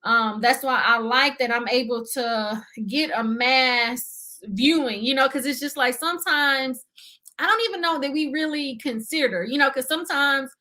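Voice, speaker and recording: Bright, high-voiced young woman. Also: moderate pace. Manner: earnest, talkative, many fillers and "you see what I'm saying". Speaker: guest, budgeting YouTuber. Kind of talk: casual interview chat.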